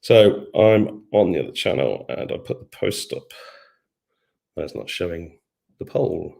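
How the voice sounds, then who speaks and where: A man's voice: low-pitched, animated, measured pace, gravelly, darkish tone. A middle-aged man hosting a casual live stream from his home kitchen, rambling and chatty as he reads out viewer comments and hums to himself between them. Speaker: livestream host.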